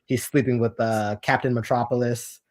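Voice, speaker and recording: A man's voice: mid-range voice, little pitch movement, moderate pace, darkish tone. A man in casual podcast conversation with a mid-range voice. His delivery is easygoing and loose, and it is full of fillers and small restarts. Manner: easygoing, filler-heavy, many "like" and "um". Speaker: guest reviewer on a podcast.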